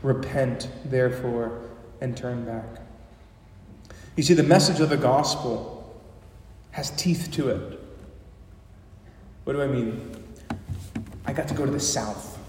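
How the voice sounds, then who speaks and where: A male pastor preaching a sermon, impassioned, slowing down for emphasis and rising in volume. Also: medium pitch, a little mellow, a little hiss or hum. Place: church sanctuary. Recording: echoey hall from far off.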